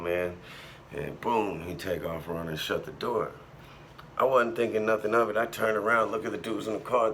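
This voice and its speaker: Gravelly low-voiced man telling street stories. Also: fairly bright tone, a little hiss or hum. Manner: profane, streetwise slang, sound effects. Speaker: storyteller. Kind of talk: casual storytelling.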